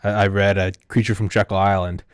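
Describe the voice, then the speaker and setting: Male podcast host, low-pitched, casual, close dry sound. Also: little pitch movement, brisk, clear, resonant tone, dry recording. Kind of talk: podcast interview.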